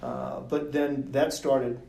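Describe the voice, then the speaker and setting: A middle-aged man telling a story as a podcast guest, animated and quick to laugh, acting out the people he quotes. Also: mid-range voice, vocal fry, far from the mic. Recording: roomy sound from off mic.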